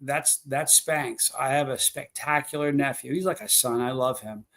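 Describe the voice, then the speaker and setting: A man's voice: mid-range voice, fairly even intonation, normal speed, a bit bright. A man hosting a live stream, rambling through stories and chatting with viewers. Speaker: livestream host. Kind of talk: casual live stream chat.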